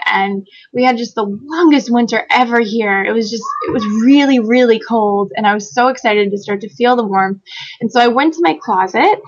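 A woman guest telling a personal story in a conversational interview, animated, laughing often and acting out quoted lines. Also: fairly high pitch, lo-fi sound. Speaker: guest author.

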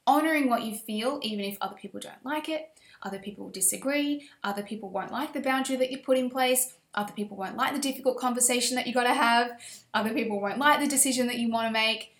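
A woman's voice: fairly high pitch, fast talker, fairly bright tone. Passionate woman coaching in a roomy space. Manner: passionate, emphatic, affirming. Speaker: women's empowerment coach. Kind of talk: motivational course lesson.

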